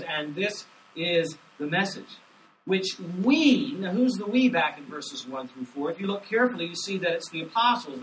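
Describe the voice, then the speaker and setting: Man, pastor, sermon, emphatic, slightly high voice, faint hiss. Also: bright, forceful tone. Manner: emphatic, slows down to stress scripture quotes. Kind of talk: expository sermon. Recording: distant mic with faint hiss.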